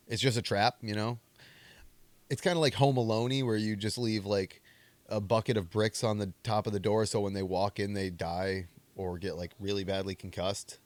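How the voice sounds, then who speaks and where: A young podcast host, his voice on the low side with no echo, delivers rambling, casual movie commentary for a comedy show, teasing himself along the way.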